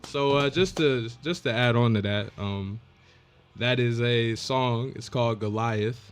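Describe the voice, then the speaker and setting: A man's voice: medium pitch, a little slow, clean tone. A man, a local rapper, chatting casually as a podcast guest, laid-back and full of "man" and "like". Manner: laid-back, lots of "man" and "like", thanks repeatedly.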